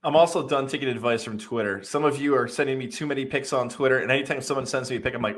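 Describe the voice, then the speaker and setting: A man co-hosting a casual sports podcast, telling quick, animated stories. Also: mid-range voice. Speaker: co-host.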